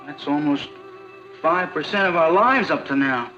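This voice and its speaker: An actor playing an earnest, sulky teenage boyfriend in a 1960s sitcom. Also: male voice, a little high, animated, moderate pace, bright, forceful tone. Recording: dull old TV audio with music.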